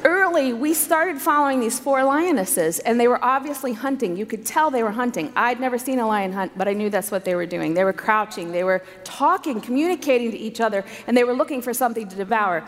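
A woman's voice: a little high, brisk, hardly any pauses, slight background noise. A woman speaker preaching an earnest, story-filled sermon to a women's conference, with emphatic repetition. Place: large conference hall. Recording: live hall recording with long reverb.

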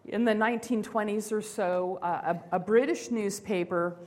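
A woman giving a sermon-style talk, expressive and acting out inner voices, slowing down for emphasis. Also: mid-range voice. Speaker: speaker.

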